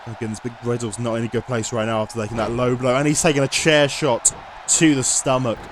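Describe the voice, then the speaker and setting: A man calling a wrestling video game match, his voice sitting at an ordinary middle pitch. He narrates steadily, then jumps up loud and high when a pin gets close. A faint hum of room noise sits under his voice. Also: fast talker. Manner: excitable, bursts into loud shouts at near-falls. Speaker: game commentator. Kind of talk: play-by-play wrestling commentary.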